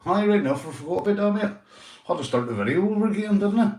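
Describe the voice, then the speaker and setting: A man's voice: sits high, lively intonation, quick pace, a little mellow, recorded from a distance. A Northern Irish man hosts a loose, casual livestream and curses constantly as he chats with his viewers. His voice sits a little away from the mic, in a roomy, echoing space. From Northern Ireland. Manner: swears constantly, chatty, addresses viewers by name. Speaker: livestream host.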